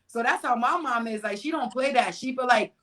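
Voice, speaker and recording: A woman's voice: on the high side, brisk, poor audio. A woman in her thirties, a mother, chatting casually in a group and acting out her family's lines as she tells stories. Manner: animated storytelling, acts out her family's lines. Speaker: mother of a teenage daughter.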